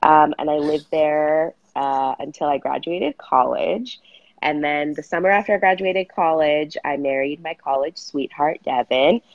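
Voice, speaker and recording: A bubbly woman in her late twenties, a guest in a casual interview, with a low voice for a woman and a lot of "like" in her talk. She laughs easily. The sound is dry and a bit dull. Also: measured pace, no room sound. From San Fernando Valley, California.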